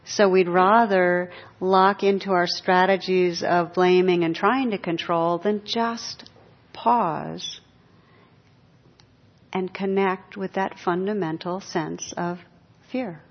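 Woman meditation teacher, lowish voice, reflective, pausing, self-amused humor; muffled lo-fi recording. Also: steady tone. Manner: reflective, pausing, laughs at her own jokes. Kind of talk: dharma talk. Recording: dull lo-fi talk recording.

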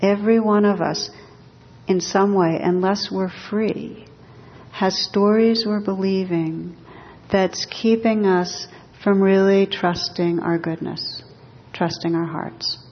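Gentle woman giving a dharma talk. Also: mid-range voice, fairly even intonation, husky. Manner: gentle, measured, reflective. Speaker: meditation teacher. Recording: dull recording in a reverberant hall.

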